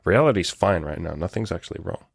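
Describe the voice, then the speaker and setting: A man's voice: low voice, expressive, fast, vocal fry, husky, no room sound. A man hosting a podcast, talking frankly as a life coach in casual chat, with some swearing.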